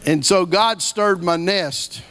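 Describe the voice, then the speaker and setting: A man's voice: high-pitched, slow, a bit bright. A middle-aged man preaching a sermon, telling stories in a folksy way and repeating key phrases for emphasis. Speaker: guest preacher.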